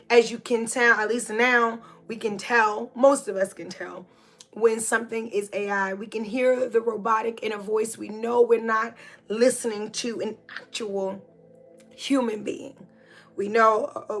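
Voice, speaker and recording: A woman's voice: fairly high pitch, gravelly, a bit bright. A middle-aged woman hosting a podcast, talking through ideas in a reflective, conversational way with many fillers and restarts. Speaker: podcast host. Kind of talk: casual spiritual monologue.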